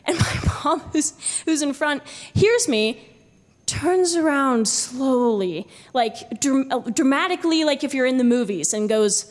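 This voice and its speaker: A young woman telling a true story live on stage to an audience, animated and laughing often as she acts out what people said. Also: high-pitched, normal speed. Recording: live hall recording with long reverb.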